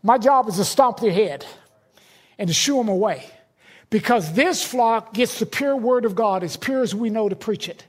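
A man's voice: high-pitched, expressive, normal speed. A middle-aged man, a pastor, preaching a sermon in a conversational, emphatic way with personal stories.

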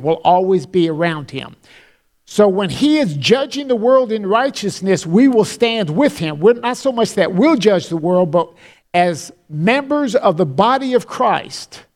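A man's voice: high voice, a little mellow. A pastor giving an expository Bible teaching in an earnest, explanatory way, often repeating words as he thinks.

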